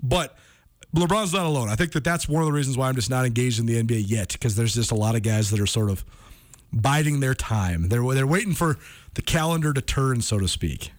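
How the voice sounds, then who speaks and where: A man hosting a sports radio show, talking in a casual, energetic way and saying "man" often. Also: mid-range voice, fairly quick.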